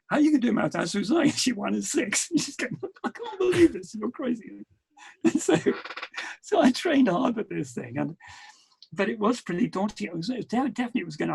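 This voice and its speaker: A husky, gravelly middle-aged man from England tells adventure stories as a podcast guest, his voice sitting a little high. He talks in an animated way and acts out every exchange. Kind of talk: storytelling interview.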